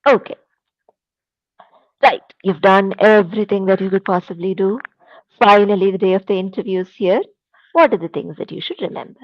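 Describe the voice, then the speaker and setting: A woman teacher with an Indian English accent, giving a classroom lecture in a slow, deliberate, emphatic way. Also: medium pitch, no room sound, dull audio.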